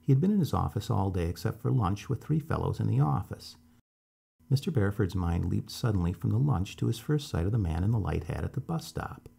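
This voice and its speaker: Male narrator, low and dark, measured suspense reading of a story. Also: vocal fry, husky. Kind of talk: scripted narration of a short story.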